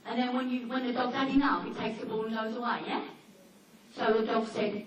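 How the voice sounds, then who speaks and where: A woman with a fairly high voice gives a chatty seminar talk, telling anecdotes and briefly acting out the dogs and people in them. She sounds far from the mic in a very echoey hall, with faint background noise. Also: fairly even intonation, fairly quick. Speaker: dog behaviour trainer giving a seminar. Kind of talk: informal seminar talk to an audience. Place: seminar room with an audience.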